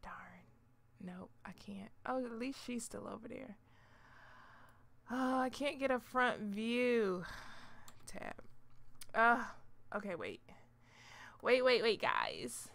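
This young woman comments on gameplay for her channel, excitable and talkative, speaking to the characters and dropping into whispers. Her voice sits on the high side, gravelly and slow, with long pauses.

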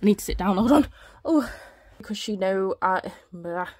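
A woman's voice: medium pitch, animated, normal speed, darkish tone. A woman giving a casual home library tour, out of breath and chatty, often stumbling over her words while holding the camera. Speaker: book vlogger. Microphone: handheld camera.

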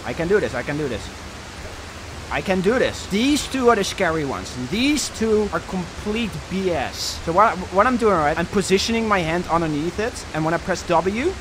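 A young man commentating his own gameplay, excitable and swinging between panic and cocky boasting. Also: high-pitched, background noise. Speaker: gaming streamer.

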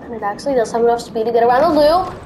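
A woman giving casual commentary over a game she is playing, goofy and quick to shout in frustration at it. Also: on the high side, a little hiss or hum. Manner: goofy, sings made-up silly songs between remarks. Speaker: gaming video host.

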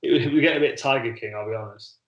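A man's voice: mid-range voice, rapid-fire, highs cut off. A man, a former fighter co-hosting a podcast, talking in a casual, rambling way and often repeating words as he thinks. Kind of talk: casual chat. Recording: echoey room.

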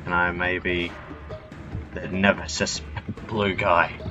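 A man's voice: sits low, little pitch movement, slow, dull audio, music in the background. A man narrating his own play of a stealth game, joking, swearing and talking to himself as he goes. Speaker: gaming channel host. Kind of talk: let's play commentary.

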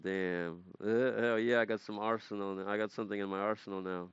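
A man's voice: on the low side, fairly even intonation, brisk, clean tone, no room sound, muffled recording. A man streaming a game, casually chatting and playfully repeating foreign words to practice them. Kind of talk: casual gaming live-stream chat.

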